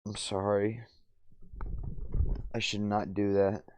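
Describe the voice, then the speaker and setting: Slow-talking, mumbling young man. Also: lowish voice, level tone, smooth. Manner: mumbling, apologetic, profane. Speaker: streamer. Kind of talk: casual stream chat.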